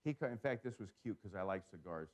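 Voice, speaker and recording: A man giving a seminar talk to a live audience, telling stories in an animated way and putting questions to the crowd. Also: fairly low pitch, quick pace. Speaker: seminar speaker.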